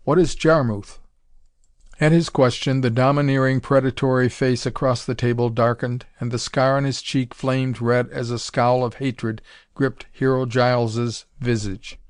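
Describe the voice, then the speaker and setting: A man narrating a pulp adventure story in a measured, dramatic reading. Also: medium pitch, flat delivery, smooth, no room sound, clean studio sound. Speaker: audiobook narrator.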